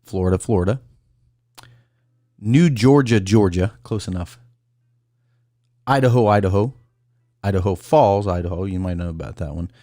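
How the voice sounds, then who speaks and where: A man with a low voice hosts a casual call-in livestream. He rambles and reads a list aloud, stopping to greet viewers by name. The sound is dry and close. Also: normal speed, long pauses, mellow, dry recording. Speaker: call-in show host.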